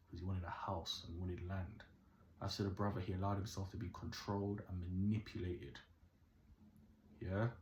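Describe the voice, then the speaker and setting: Young Caribbean-born male storyteller, very deep voice, lively and preachy, roomy echo. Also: slight background noise. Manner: animated, keeps asking "yeah?", moralizing. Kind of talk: casual storytelling to camera. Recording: echoey room.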